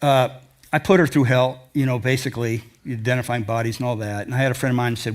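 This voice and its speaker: A man's voice: mid-range voice, steady tone, fast talker. An older man giving a presentation to an audience, telling rambling, folksy stories from his travels. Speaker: adventure travel speaker. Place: lecture hall before an audience.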